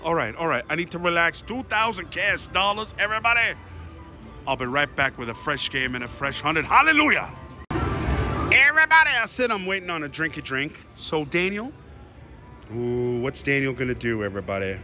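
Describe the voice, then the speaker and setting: Excitable high-voiced man at a slot machine. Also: brisk, faint music behind. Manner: excitable, shouts and groans at every spin, talks to viewers. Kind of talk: excited live slot commentary. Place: casino floor.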